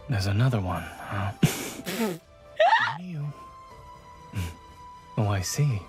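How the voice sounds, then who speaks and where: A man voicing a calm, devoted male doctor love interest in a game, with a British accent and a composed, gently teasing way of talking. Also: on the low side, drawn-out words, music in the background. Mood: tender. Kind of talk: game voice acting.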